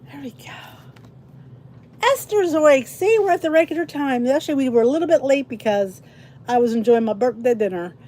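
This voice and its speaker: This middle-aged livestream host has a high, dark-toned voice with lively intonation and a slightly fast pace. She chats casually with her live viewers, rambling and sounding tired.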